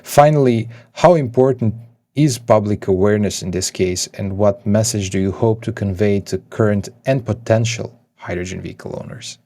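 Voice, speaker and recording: A man's voice: on the low side, moderate pace, warm tone, no room sound. A man hosting an interview, asking questions and chiming in with brief affirmations. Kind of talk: interview host.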